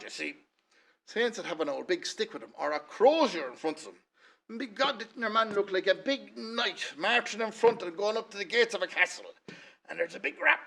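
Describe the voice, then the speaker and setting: A man's voice: sits high, gravelly, fairly bright tone. A man with an Irish accent tells a local folk tale in a chatty, rambling way, full of "he says" asides. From Ireland. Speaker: storyteller. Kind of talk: folksy spoken storytelling.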